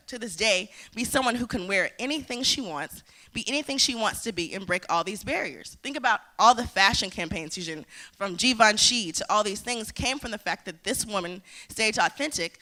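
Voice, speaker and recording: A woman's voice: mid-range voice, pushed and bright. A woman, giving a motivational conference talk and telling her story with acted-out dialogue. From United States. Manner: storytelling, acting out quoted dialogue. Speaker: conference speaker.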